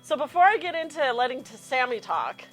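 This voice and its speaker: A woman hosting a casual podcast interview, excitable and gushing, swearing freely. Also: sits high, brisk, soft background music. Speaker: podcast host.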